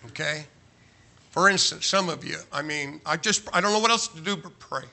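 A man's voice: a little high, normal speed, creaky, sharp tone. A man preaching a sermon to a large church, emphatic and joking, firing off rhetorical questions. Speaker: pastor.

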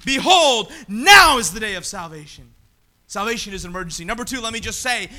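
A man preaching a sermon in a church, swinging between shouted appeals and quiet asides. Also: very high voice, lively intonation, moderate pace. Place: church sanctuary.

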